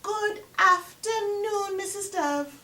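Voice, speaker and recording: A woman voicing Anansi, a cunning and greedy male spider trickster, in a high, loud, wheedling voice. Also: slow pace, heavily acted. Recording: roomy echo from far off.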